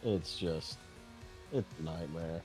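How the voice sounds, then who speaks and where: A low-voiced man chats on his stream and tells a long story in a dry, deadpan way with plenty of swearing. He acts out the voices of the people in it. Soft music plays faintly behind him. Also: slow. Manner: profane, deadpan. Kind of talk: casual chat.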